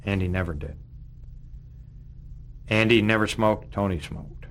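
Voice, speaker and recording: Deep-voiced man telling an earnest anecdote. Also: a little slow, fairly bright tone, a little hiss or hum. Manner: earnest, stammering starts. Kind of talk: anecdotal interview storytelling.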